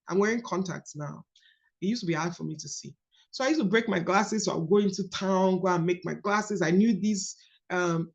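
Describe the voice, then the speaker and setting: Animated Nigerian woman coaching. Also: medium pitch, highs cut off. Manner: animated, storytelling, emphatic. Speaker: coach leading a book study call. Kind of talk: casual teaching talk.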